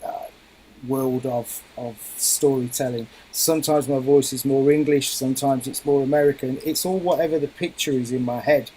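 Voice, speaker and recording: A man's voice: medium pitch, steady tone, moderate pace, dark tone, slightly rough, low-quality recording. A middle-aged man, a guest musician, explaining his craft thoughtfully in a radio interview.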